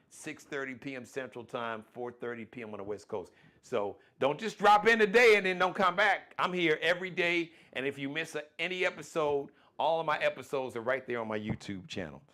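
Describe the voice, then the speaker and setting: Speaking on the high side, this man runs his own live-streamed talk show. He's folksy and animated, constantly tossing out shout-outs and plugs.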